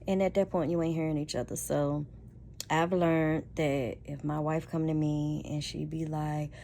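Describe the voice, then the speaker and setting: A woman with a deep, mellow voice gives relationship advice in a casual, preachy monologue. She talks loud and leans hard on her points. A faint hum of noise sits behind her. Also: level tone, moderate pace, creaky.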